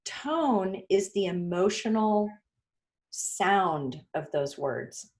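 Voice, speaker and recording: A woman's voice: medium pitch, expressive, drawn-out words, darkish tone. A woman speaker answering questions as a hiring manager, patiently laying out simple rules in a teacherly way. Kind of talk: explanatory Q&A answers.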